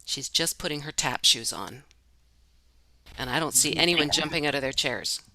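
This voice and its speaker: A woman's voice: low voice, moderate pace, sharp tone, a little hiss or hum, rough recording. A woman hosting an online event, introducing the next part in an upbeat way. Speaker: host. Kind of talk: announcing on a video call. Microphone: video call.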